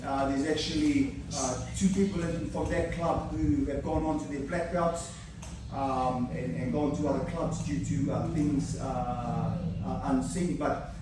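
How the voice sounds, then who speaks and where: A man's voice: medium pitch, steady tone, measured pace. Swearing New Zealand man, echoey and distant. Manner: swears often, laughs a lot, many fillers. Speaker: jiu-jitsu training partner giving a speech. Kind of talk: casual spoken storytelling. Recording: echoey room, distant mic, background noise.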